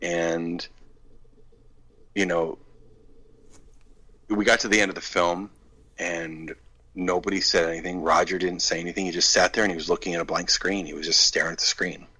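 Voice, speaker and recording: A man's voice: deep voice, level tone, normal speed, pauses often, sharp tone, breathy edge, rough recording. A man, a film director telling a story in a casual interview and acting out the quoted dialogue.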